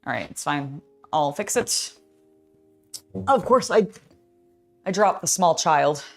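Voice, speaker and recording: Young woman streamer, tired, scattered, lively swooping voice, lowish pitch, faint music behind. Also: takes it slowly. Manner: scattered, excitable, self-talking. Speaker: streamer building a LEGO set. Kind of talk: casual live-stream chat.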